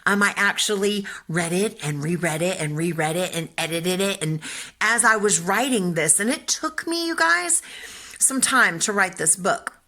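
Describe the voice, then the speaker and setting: Older woman, children's author; bright, chatty, animated storyteller. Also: mid-range voice, normal speed. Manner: animated, chatty, acts out voices. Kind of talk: casual storytelling talk.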